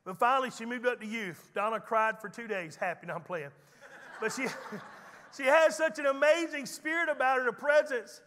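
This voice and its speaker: Preacher man, real high bright voice, folksy and jokey, echoey hall. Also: normal speed. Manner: folksy storytelling preacher with teasing humor. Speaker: pastor. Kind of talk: sermon. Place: church sanctuary.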